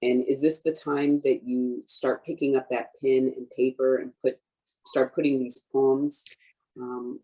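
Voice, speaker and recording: Slow, mellow-voiced woman interviewer. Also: extremely low pitch, flat delivery, low-quality recording. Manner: slow, sympathetic questioning. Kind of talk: interview questions.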